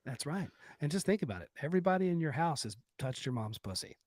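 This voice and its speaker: A man with a slightly husky voice rambles through crude jokes and show plugs as a podcast co-host. His delivery is loose and joking, full of fillers and restarts. The sound is dry and close to the mic. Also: fairly high pitch, animated, fast, darkish tone, no echo. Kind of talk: crude comedic podcast banter.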